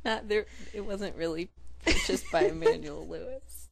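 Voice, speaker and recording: A woman's voice: mid-range voice, wildly swooping pitch, normal speed, gravelly. A woman co-hosting a podcast in casual chat, playful and laughing often. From New Mexico. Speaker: podcast co-host.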